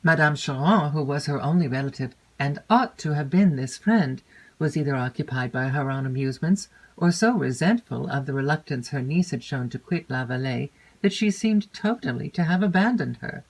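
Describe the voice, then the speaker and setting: A woman narrating a classic novel aloud in a measured, expressive way. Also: low-pitched, rough recording. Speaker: audiobook narrator.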